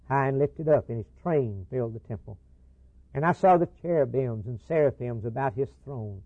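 A man's voice: medium pitch, dry recording. A man preaching a sermon, building rhythmic repeated lines into emphatic declarations. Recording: tinny phone-like old recording.

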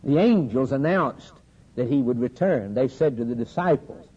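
A man preaching a sermon, with a steady preaching cadence that builds to loud, emphatic climaxes with dramatic pauses. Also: medium pitch, slightly rough. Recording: dull lo-fi sermon recording with faint hiss.

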